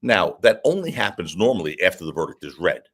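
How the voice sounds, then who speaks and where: Guest attorney, male: low, slightly husky voice, swings widely in pitch, animated storyteller. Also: fast talker. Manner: animated, lively anecdote-telling. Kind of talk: casual interview storytelling.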